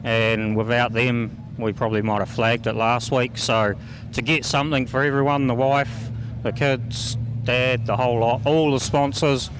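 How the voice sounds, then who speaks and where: A man's voice: mid-range voice, little pitch movement, moderate pace, noisy background. A man with a New Zealand accent, a racing driver talking laid-back with dry humour after a race. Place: outdoors at a speedway.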